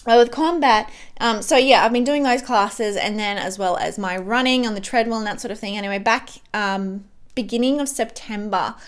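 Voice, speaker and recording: A woman's voice: mid-range voice, moderate pace. A young woman chatting at home while doing her makeup, rambling with fillers and restarts as she gives a life update. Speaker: beauty vlogger. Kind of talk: chatty get-ready-with-me update.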